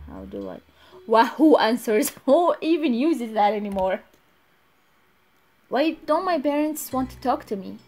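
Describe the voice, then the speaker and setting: A woman's voice: fairly high pitch, a little mellow. A young woman hosting a gaming channel, giggling and talking to herself as she plays. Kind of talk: let's play commentary.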